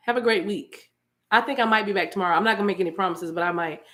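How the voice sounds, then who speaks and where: A woman's voice: medium pitch, brisk, a bit bright. A woman hosting a spiritual livestream, chatting casually and playfully with viewers, laughing often and greeting them by name.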